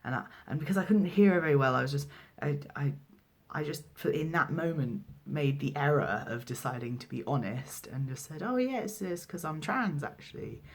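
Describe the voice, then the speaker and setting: A young trans man speaks casually to camera, recounting his own experience. He talks at a middle pitch and hesitates often, with plenty of ums and restarts. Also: fairly quick, hardly any pauses. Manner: hesitant, many fillers and restarts. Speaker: midwife and vlogger. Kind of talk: casual personal storytelling to camera.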